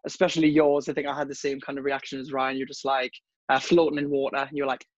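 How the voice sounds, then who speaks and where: A laid-back young man, chatting as a podcast guest over a video call. He rambles easily and keeps saying "mate". His voice is at a middle pitch, and the call audio is a little dull and dry. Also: flat delivery, fast, no echo.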